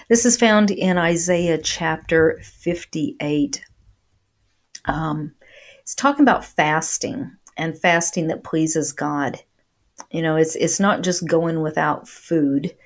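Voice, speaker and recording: Husky-voiced woman preaching earnestly. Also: fairly low pitch, darkish tone. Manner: earnest, repeats words when stressing points. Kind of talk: sermon. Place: speaking to a remote audience.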